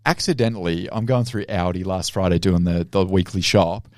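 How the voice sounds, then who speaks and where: A man's voice: low-pitched, normal speed, a little mellow, dry recording, studio quality. A man co-hosting a movie podcast, rambling and swearing casually as he tells stories. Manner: rambling storyteller, swears often, laughs a lot. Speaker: podcast co-host. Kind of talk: casual chat.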